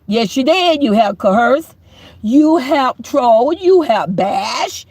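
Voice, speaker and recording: Middle-aged woman, high lively voice, preachy call-out commentary with frequent shouting, dry close sound. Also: slow, slightly rough, no room sound. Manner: emphatic, preachy, often shouting. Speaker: YouTube commentator.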